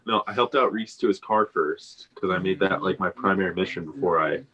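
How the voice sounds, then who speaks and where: Young male co-host, very low voice, rapid talk, slightly muffled lo-fi audio. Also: fairly bright tone. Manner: defensive, interjects quick corrections. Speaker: podcast co-host. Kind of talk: casual chat.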